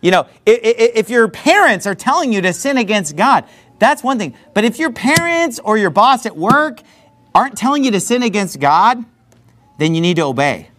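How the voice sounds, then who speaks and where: Brief: male pastor, conversational sermon delivery, highly expressive pitch. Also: normal speed. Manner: conversational, animated storytelling with frequent asides.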